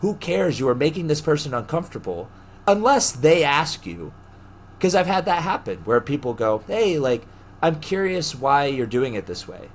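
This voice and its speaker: A young man co-hosting a podcast, telling stories in casual chat, animated, laughing often and acting out the people he quotes. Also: fairly high pitch, normal speed. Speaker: podcast co-host.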